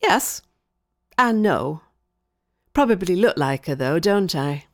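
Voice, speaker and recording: Woman reading a calm, wry scientist. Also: fairly low pitch, dry recording. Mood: matter-of-fact. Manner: measured, dry, faintly teasing.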